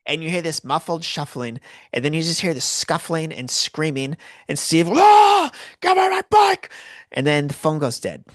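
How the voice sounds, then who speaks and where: A man's voice: a little high, moderate pace, fairly bright tone, dry recording, studio quality. A Canadian man hosting a podcast, telling a story casually and rambling with lots of fillers and restarts. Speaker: podcast host.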